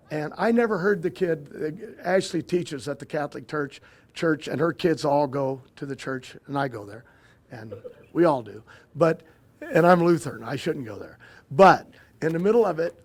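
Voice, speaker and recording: An older man, a guest in an interview, telling long family stories in a rambling, halting way with many restarts and fillers. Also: a little high. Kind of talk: casual storytelling interview.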